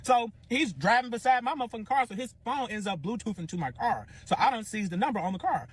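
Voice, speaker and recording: A man's voice: sits high, fast, hardly any pauses, breathy edge. A young man telling a personal story in casual, profane speech, acting out the other people's lines as he goes. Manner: profane, animated retelling with quoted dialogue.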